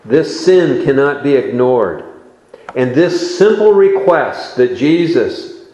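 Slow, deliberate male preacher in an echoey hall. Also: mid-range voice, lively intonation, mellow, lo-fi sound. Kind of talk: sermon.

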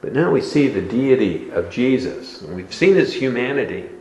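A man preaching a sermon in a slow, deliberate expository style, recorded in a church sanctuary. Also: mid-range voice, big pitch swings, darkish tone, echoey room, muffled recording.

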